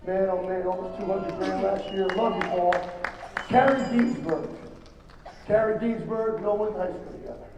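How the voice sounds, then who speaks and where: A man giving an emphatic, rambling motivational speech to an audience, with halting restarts. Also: high voice, steady tone. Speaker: motivational speaker at a business event. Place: large hall. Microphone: distant from the microphone. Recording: echoey hall from far off, faint noise.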